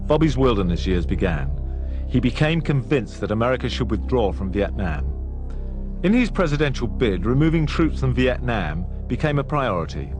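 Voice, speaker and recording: Expressive male documentary narrator. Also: medium pitch, moderate pace. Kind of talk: scripted narration. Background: music.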